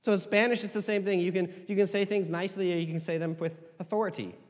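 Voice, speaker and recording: A man preaching a sermon as pastor, conversational and animated, with asides. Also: high voice, fast talker. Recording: hall reverb.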